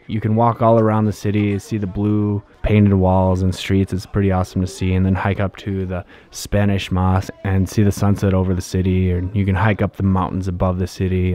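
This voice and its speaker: A vlogger casually recounts his travels in a low, warm voice. He's laid-back and rambling, full of fillers and restarts.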